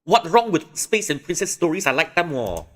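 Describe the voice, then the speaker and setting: A man putting on a squeaky kid. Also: big pitch swings, moderate pace, big-room sound. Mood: indignant.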